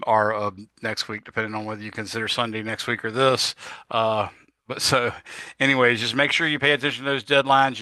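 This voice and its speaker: A physics instructor lectures in a casual, rambling way, frequently correcting himself and leaning on filler words. His mid-range voice sounds pushed, bright, clear and resonant, with no room sound. He yawns and seems a bit tired.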